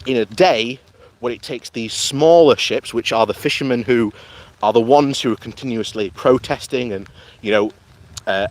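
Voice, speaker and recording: A man giving rambling, casual political commentary while walking outdoors. He often laughs as he talks and films himself on a handheld camera. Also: mid-range voice. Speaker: political vlogger. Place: outdoors on a morning walk.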